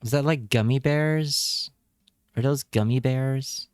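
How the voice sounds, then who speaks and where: A man's voice: medium pitch, slow pace, no room sound, studio quality. A man streaming live, chatting casually with his viewers and reacting with wry remarks and repeated words.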